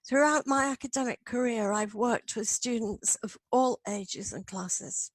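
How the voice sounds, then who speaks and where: A middle-aged woman academic reading her paper aloud in a measured, earnest way. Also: on the high side, no echo, rough recording. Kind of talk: read-aloud lecture.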